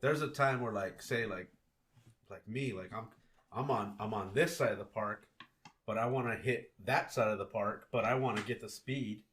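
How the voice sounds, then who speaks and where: A man hosting a podcast, chatting in a relaxed, agreeable, slangy way. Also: on the low side, normal speed, a little hiss or hum. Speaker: podcast host. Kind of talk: casual podcast chat.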